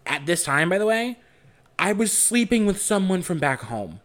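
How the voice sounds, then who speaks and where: A man's voice: a little high, very animated, moderate pace, a bit bright. A young man co-hosting a podcast, telling a story casually, swearing often and acting out the lines he quotes. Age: young adult. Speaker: podcast co-host.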